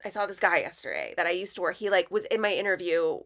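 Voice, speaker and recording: A woman's voice: lowish voice, quick pace. A woman guest on a podcast, chatting casually and acting out quotes as she tells stories. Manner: animated storytelling, acts out quotes. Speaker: podcast guest, letterpress studio owner. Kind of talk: casual chat.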